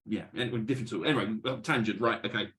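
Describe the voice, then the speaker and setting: Fast-talking man hosting a chat. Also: fairly low pitch, fairly bright tone. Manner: quick, playful, goes off on tangents. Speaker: interview host. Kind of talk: casual interview chat.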